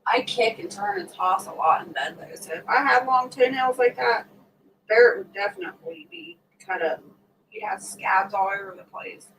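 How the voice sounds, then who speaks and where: A woman's voice: mid-range voice, moderate pace, fairly bright tone. A middle-aged woman hosting a casual livestream, chatting and laughing with viewers and acting out what others said. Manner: chatty and laughing, acts out quoted talk. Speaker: livestream host. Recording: voice a bit distant from the mic, faint background noise.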